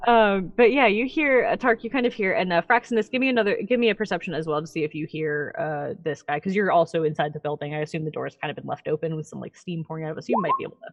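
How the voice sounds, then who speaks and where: A woman's voice: deep voice, fast talker, few pauses, muffled recording. A woman narrating a tabletop game as game master, chatty with many fillers and laughs.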